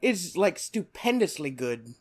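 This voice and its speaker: A man's voice: a little high, sing-song, measured pace, a little mellow, breathy edge. A young man co-hosting a podcast in casual chat. He is enthusiastic, laughs easily and keeps calling his co-host "dude". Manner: enthusiastic, easy laugher, says "dude" a lot.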